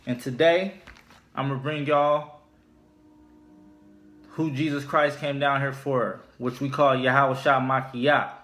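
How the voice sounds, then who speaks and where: Slow, deliberate man preaching. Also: mid-range voice, flat delivery, fairly bright tone. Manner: slow, deliberate, repeats key points. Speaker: religious teacher. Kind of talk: informal scripture teaching.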